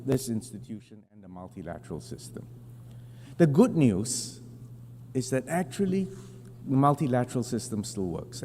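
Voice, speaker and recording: A man giving a formal prepared speech to a large assembly, in measured, deliberate phrasing with emphatic stresses, at a podium microphone. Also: medium pitch, mellow. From Singapore. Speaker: national representative addressing the General Assembly. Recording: long hall reverb with faint hum.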